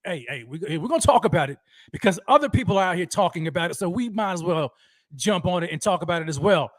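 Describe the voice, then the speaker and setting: An energetic man hosts a sports fan livestream, shouting out viewers with pumped-up enthusiasm. His voice sits high for a man. The sound is dry and close, with no room around it. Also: fast, no echo. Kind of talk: livestream roll call chat.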